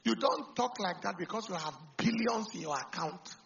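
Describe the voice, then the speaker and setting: A Nigerian man preaching a sermon as pastor, who swings from loud, fervent preaching to quiet, confiding talk and slips into Pidgin. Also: sits high, expressive, normal speed, creaky, dull audio, slight background noise.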